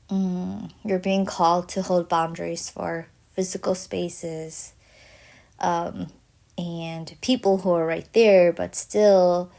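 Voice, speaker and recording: A young woman talks slowly and reflectively on her own podcast, pausing often as she thinks things through. Her voice sits a little low and carries a gravelly fry. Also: a little mellow. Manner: reflective, thinking aloud with many pauses. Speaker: podcast host. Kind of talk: casual solo podcast talk.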